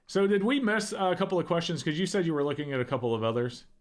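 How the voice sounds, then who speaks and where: A man hosting a casual livestream chat, relaxed and thinking aloud as he talks. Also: fairly high pitch, fast, a little hiss or hum. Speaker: livestream host.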